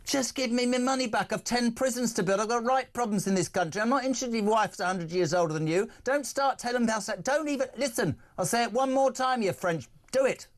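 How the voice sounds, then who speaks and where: A man's voice: extremely high pitch, fast, hardly any pauses. A man delivering a theatrical, mock-indignant rant as a TV presenter.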